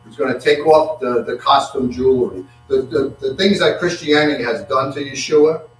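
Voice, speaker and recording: A man preaching a sermon, halting and repeating words, acting out quotes with rising excitement. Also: mid-range voice. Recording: echoey room from far off with faint hum.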